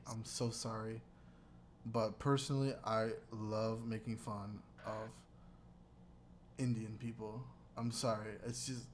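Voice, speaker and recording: A man's voice: mid-range voice, slight background noise. A man co-hosting a casual podcast chat, rambling and joking with frequent laughter, talking into a computer mic. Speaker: podcast co-host. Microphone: computer mic with webcam.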